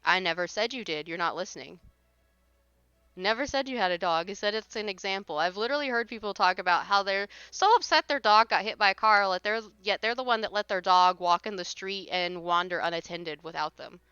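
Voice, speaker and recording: Woman streamer, casual exasperated rant, blunt and sweary, bright sharp tone, dry close sound. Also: medium pitch, fairly quick, clear, resonant tone, no echo, highs cut off. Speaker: livestreamer. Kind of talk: casual chat while gaming.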